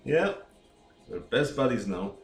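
A relaxed man playing a tabletop game, describing his moves with unhurried pauses. His pitch swings a lot as he talks, and the room is echoey with faint music underneath. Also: slight background noise. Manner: easygoing, hesitant with fillers. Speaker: player. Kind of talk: casual tabletop game play.

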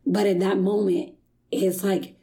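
A woman's voice: medium pitch, measured pace, vocal fry. A woman in her thirties telling a personal story in casual conversation, acting out what others said. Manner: animated storytelling, acts out quotes.

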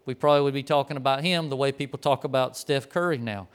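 A man's voice: medium pitch, quick pace, smooth. A man giving a conversational sermon, telling stories in a folksy way and speaking straight to the people in the room.

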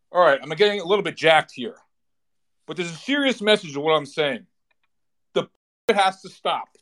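A middle-aged man in a live audio room, delivering a profane, escalating rant that grows into shouted indignation. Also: fairly high pitch. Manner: laughs while reading, restarts. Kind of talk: impassioned rant reading a film monologue.

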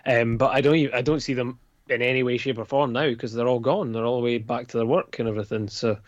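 A man's voice: medium pitch, steady tone, quick pace, no echo, dull audio. A man with a Scottish accent, co-hosting a podcast in casual chat, laughing often and repeating words as he gets going. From Scotland. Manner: laughs a lot, repeats words when starting. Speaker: podcast co-host.

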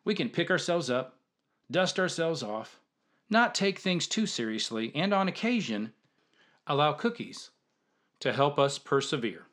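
A man with a slightly high voice tells a humorous story from his years coaching youth football. He narrates in a lively way and acts out the dialogue. He is the host of a storytelling show. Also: a little slow.

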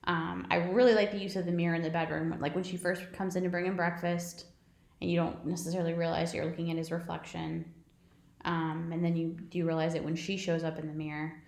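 A woman with a slightly low voice chats loosely about films, rambling and swearing casually. She sounds like a podcast co-host caught in a roomy, echoing space. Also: level tone, fairly quick, vocal fry, a little mellow. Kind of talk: casual movie chat. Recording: roomy echo.

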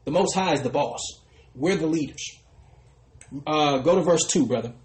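A man preaching a sermon who often trails off into a soft "brothers and sisters". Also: on the high side, moderate pace, reverberant, poor audio. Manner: ends phrases with a dropping, quiet "brothers and sisters". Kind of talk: street sermon.

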